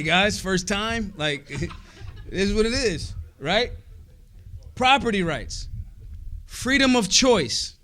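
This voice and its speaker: A man speaking at a convention hall with a bright, high, wildly swinging voice. He curses freely and punches his points hard, then drops into quiet asides. The delivery is a rousing political speech. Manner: profane, emphatic, swings between shouts and low asides.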